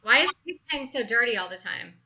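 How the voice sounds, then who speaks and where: A woman's voice: a little high, expressive, brisk, gravelly, sharp tone, rough recording. A middle-aged woman hosting a casual podcast chat, talking enthusiastically. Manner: enthusiastic, chatty. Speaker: podcast host.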